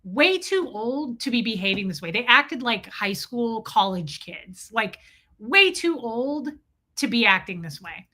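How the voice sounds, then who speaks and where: A woman hosting a livestream, telling an animated, profane, comic story and greeting her viewers in a casual way. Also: fairly high pitch, measured pace. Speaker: livestream host.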